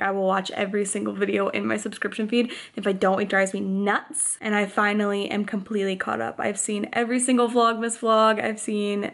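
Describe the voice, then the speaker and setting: Young woman vlogger with a faint Upper Michigan lilt, a touch of vocal fry, loose and chatty to camera at home. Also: mid-range voice. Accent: slight Upper Michigan. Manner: chatty, rambling, many "like" fillers. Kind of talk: casual chat to camera. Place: indoors at home. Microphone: camera mic.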